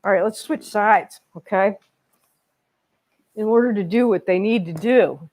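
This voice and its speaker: A woman with a mid-range, darkish voice speaks at a measured pace while guiding kids through yoga in a library. Wearing a mic, she stays cheerful and encouraging, chatting, checking in often with lots of okays, and sharing laughs with the children.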